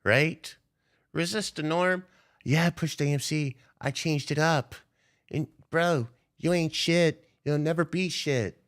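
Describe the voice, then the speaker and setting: Speaking slowly in a voice on the high side, a young man rants unscripted on a stock trading livestream. He swears and confronts viewers, calling them out directly.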